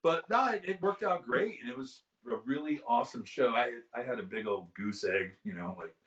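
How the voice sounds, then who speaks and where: A bright-voiced man in his fifties tells a story on a video call, getting excitable and animated as he talks. The audio is dull and lo-fi, the way online calls sound. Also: medium pitch, fairly quick. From California. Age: 50s. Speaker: guest musician.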